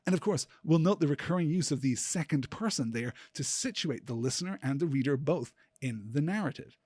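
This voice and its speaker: A man hosting a podcast, giving a measured close-reading analysis of a text and slowing down to scan lines of poetry aloud. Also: a little high, expressive, darkish tone, husky, dry recording. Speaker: podcast host.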